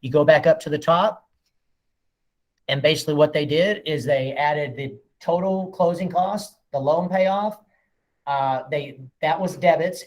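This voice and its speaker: Man, broker training agents, joking and folksy, echoey room. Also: a little high. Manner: folksy, joking, acts out quotes. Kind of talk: casual training talk.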